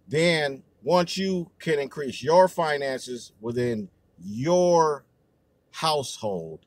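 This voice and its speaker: Brief: male livestream host, mid pitch, AAVE speech, rambling and cussing, dry close sound. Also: no echo. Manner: loose, profane, rambling with many fillers. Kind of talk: casual livestream talk.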